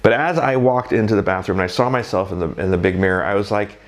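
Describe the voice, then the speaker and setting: A man's voice: lowish voice, quick pace, hardly any pauses. A man talking casually about his first night in drag, rambling and self-deprecating.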